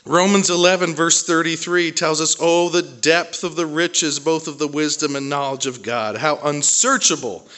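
A pastor delivers a sermon in a bright, forceful voice that sits a little high for a man. He tells the story with animated asides and halting restarts, then pushes on with conviction.

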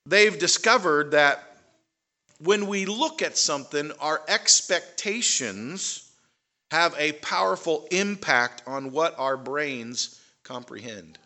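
A man's voice: on the high side, animated, slow, bright, forceful tone. A man giving a conversational talk to a live audience, with fillers and rising emphasis on key points. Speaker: speaker.

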